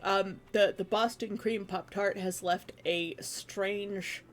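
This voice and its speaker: A woman's voice: mid-range voice, steady tone, takes it slowly, slight background noise. A young woman from Canada, chatting casually with her stream chat in a rambling way, full of restarts.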